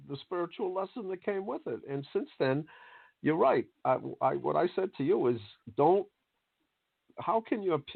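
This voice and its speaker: Male host, chatty storyteller, lots of "uh"s, tinny phone-line sound, mid pitch. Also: creaky. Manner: chatty anecdote-telling with many fillers. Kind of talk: casual storytelling interview.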